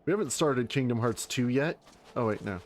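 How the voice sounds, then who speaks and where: A man's voice: mid-range voice, lively intonation, a little fast. A man giving casual, rambling commentary as he plays through a game. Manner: laughs often, rambling asides. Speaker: gaming streamer. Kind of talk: casual let's-play commentary.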